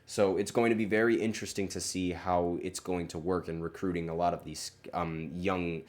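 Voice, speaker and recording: A man's voice: low-pitched, level tone, moderate pace. A man hosting a sports podcast, talking casually and rambling, with many fillers and self-corrections. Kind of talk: casual solo sports commentary.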